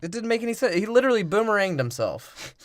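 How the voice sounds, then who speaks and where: Young male co-host, animated and sarcastic, slightly high, dry close sound. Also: fast, no echo. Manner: sarcastic, profane. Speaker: podcast co-host. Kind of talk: casual movie-recap chat.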